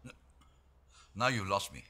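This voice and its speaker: A man's voice: lowish voice, expressive, unhurried, sharp tone, slightly rough, heavily acted. An actor playing an unflappable male professor under suspicion, who answers dryly and repeats accusations back in disbelief. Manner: dry, wry, repeats accusations back incredulously. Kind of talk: film acting.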